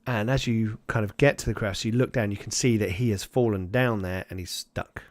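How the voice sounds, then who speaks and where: A man acting as game master improvises tabletop narration, talking through each scene in a loose, searching way and putting on voices for the side characters. His low voice is brisk and darkish, recorded close and dry with no echo or room sound.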